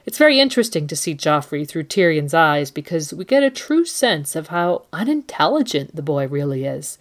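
A woman's voice: low voice, sing-song, normal speed. A woman co-hosting a book and TV discussion, giving critical, analytical commentary. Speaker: co-host.

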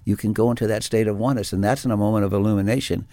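Casting: man, low voice, spiritual teacher, reflective and rambling, dry sound. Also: fairly even intonation, rapid-fire, mellow, dry recording. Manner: reflective, rambling, with restarts and fillers. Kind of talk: spiritual talk with personal stories.

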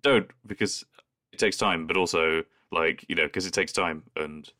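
Male podcast co-host, deep voice, dry close mic, easygoing email reader. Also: bright, forceful tone, no echo. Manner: reads emails in a measured way, jokey asides. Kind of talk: casual chat, reading listener emails.

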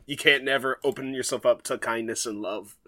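Sarcastic joking man with a bright voice. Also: mid-range voice, steady tone, fairly quick. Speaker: podcast co-host. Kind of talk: comic chat.

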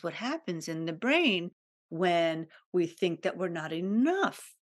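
A woman's voice: lowish voice, very animated, takes it slowly. A woman hosting a personal podcast, speaking candidly and emotionally and often repeating herself as she confides in listeners. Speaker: podcast host.

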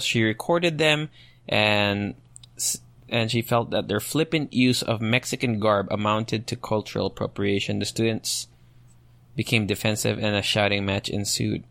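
A young man hosting a solo podcast, thinking out loud and rambling through rhetorical questions as he reads online comments. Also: lowish voice, vocal fry, dry recording. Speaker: podcast host.

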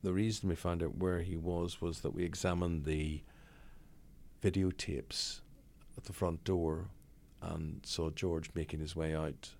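A Northern Irish man in his sixties, a broadcaster telling lively, blunt anecdotes as an interview guest. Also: low-pitched, measured pace, vocal fry. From Northern Ireland. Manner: lively raconteur, blunt, swears freely. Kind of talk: anecdotal storytelling in conversation.

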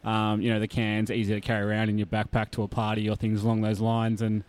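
A man with an Australian accent, chatting as a podcast guest, lively with lots of fillers and laughs. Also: on the low side, fast. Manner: chatty and animated, many fillers, laughs often. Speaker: guest, brewery tour operator. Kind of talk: casual podcast interview.

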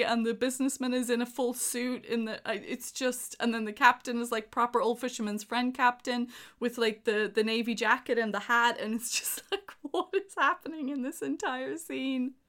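Giggly, sweary woman with a higher voice. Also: a bit bright. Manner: giggly, swears freely, enthusiastic rants. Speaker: podcast co-host. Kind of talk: casual chat reviewing a film.

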